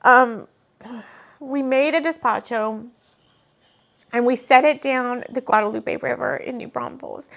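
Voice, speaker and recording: In a high, gravelly, fairly bright voice, a woman speaks unhurriedly and in a steady tone, with long pauses. She's at home channeling spiritual messages and reading tarot to the camera, earnest and meandering until it turns emotional. The camera mic picks her up.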